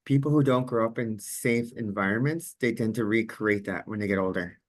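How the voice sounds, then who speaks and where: A man's voice: lowish voice, moderate pace. A man, a journalist and advocate, speaking frankly and openly on a video call, laughing easily. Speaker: journalist and advocate joining the meeting. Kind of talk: casual comment on a video call.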